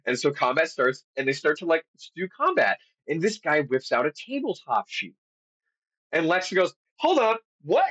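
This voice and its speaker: Male podcast co-host, animated storyteller, somewhat high voice, muffled low-fi recording. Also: moderate pace. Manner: animated storyteller, acts out quotes, swears casually. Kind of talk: casual storytelling chat. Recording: dull lo-fi audio.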